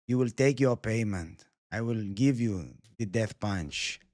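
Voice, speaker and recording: A slow, menacing male fighter , as a livestreaming man puts him on, growls out threats in a low, heavy voice. His pitch still swings widely, and the sound is dry and close. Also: animated, darkish tone, dry recording.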